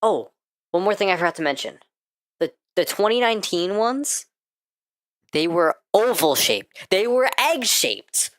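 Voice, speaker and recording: An American woman streamer in casual live-stream chat while gaming, ranting excitably and swearing freely. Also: medium pitch, unhurried, no echo. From United States.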